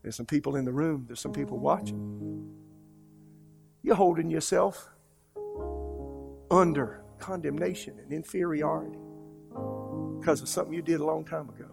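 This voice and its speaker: Gravelly-voiced male pastor preaching. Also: a little high, normal speed, pauses often, over music. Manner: storytelling, swinging between hushed and loud emphatic delivery. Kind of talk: sermon.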